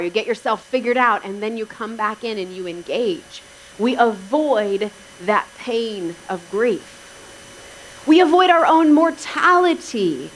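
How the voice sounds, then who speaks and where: A woman's voice: high voice, a little hiss or hum, poor audio. A woman pastor giving a sermon in a conversational way, with wry asides to the congregation.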